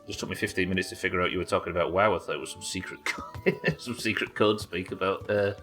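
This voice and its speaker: A man's voice: low voice, steady tone, fast talker, bright, forceful tone, soft background music. A man streaming a game live, chatting casually with his viewers and swearing freely as he goes. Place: home streaming setup.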